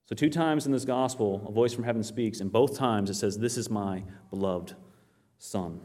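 Speaking at a moderate pace in a voice on the low side, a man preaches a sermon rooted in the Bible. With animated storytelling, he reads scripture aloud and poses questions that he answers himself.

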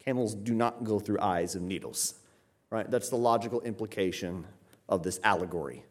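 A man's voice: on the low side, moderate pace. A man preaching a teaching sermon from the United States, earnest and emphatic, often restarting his sentences. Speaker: pastor.

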